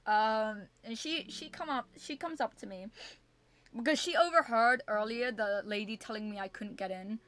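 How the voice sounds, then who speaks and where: A young woman streamer casually telling a story to her chat at a home setup, animated and repetitive, swearing freely. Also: on the high side, normal speed.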